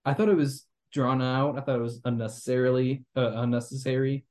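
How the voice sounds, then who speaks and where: A man's voice: medium pitch, fairly even intonation, brisk, darkish tone. A young man hosting a podcast, rambling critically about a movie with lots of fillers and restarts. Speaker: podcast host. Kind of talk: casual movie review chat.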